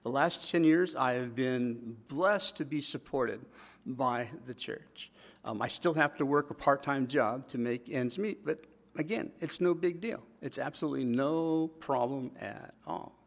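A man pastor preaching a sermon, acting out quotes with lively asides. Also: mid-range voice, unhurried, vocal fry.

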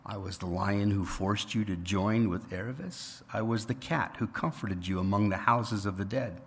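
A man voicing a great, patient male lion, speaking slowly in a deep, measured voice. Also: lightly acted. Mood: solemn. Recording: reverberant hall.

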